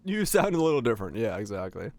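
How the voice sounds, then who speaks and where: A man's voice: mid-range voice, big pitch swings, quick pace, darkish tone. A young man from Finland, chatting casually with his viewers while streaming a game, rambling with lots of restarts and fillers.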